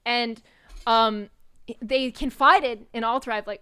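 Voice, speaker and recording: A young woman streamer telling a story to her chat, animated and swearing freely as she acts out what people said. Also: on the high side, a little slow, smooth, no echo, clean studio sound. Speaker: VTuber streamer.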